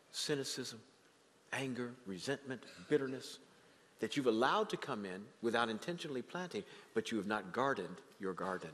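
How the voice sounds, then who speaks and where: A man preaching a sermon as pastor, animated and dramatically acting out the voices he quotes. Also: mid-range voice, long reverb tail. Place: church sanctuary.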